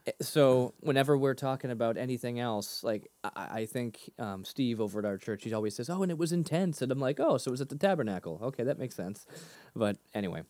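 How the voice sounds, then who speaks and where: A man's voice: medium pitch, a little mellow, dry recording. A man in his thirties from near Boston, co-hosting a podcast in a casual, rambling way and laughing at his own jokes. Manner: rambling, self-deprecating, quick to laugh. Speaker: podcast co-host. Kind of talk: casual chat.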